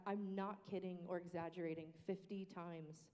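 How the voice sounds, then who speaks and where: A woman who leads a worship team, sharing practice tips on a panel in a lively, expressive way. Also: on the low side, moderate pace, few pauses. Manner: lively and expressive, breaking into sung demonstrations. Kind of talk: casual panel discussion. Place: church worship space. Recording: echoey hall reverb.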